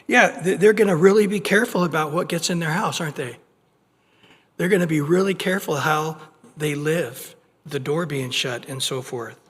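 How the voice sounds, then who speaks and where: A male pastor with a high voice teaches in a lively, conversational way, often restarting and repeating words as he acts out little everyday scenes. His voice carries a long reverb from the church hall. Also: normal speed, husky. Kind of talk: expository sermon. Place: church sanctuary.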